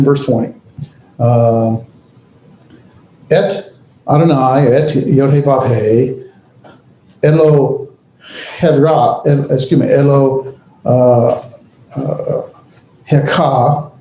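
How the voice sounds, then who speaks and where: A man lecturing a class on biblical languages, often pausing and correcting himself as he goes. His voice is mellow and dark, recorded in an echoey room with faint ambient noise behind him. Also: mid-range voice. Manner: halting, many fillers, self-correcting. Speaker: Bible language instructor.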